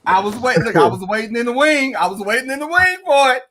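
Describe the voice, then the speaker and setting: A man hosting a casual podcast chat, animated, swearing and laughing often. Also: very high-pitched, fast talker. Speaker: podcast host.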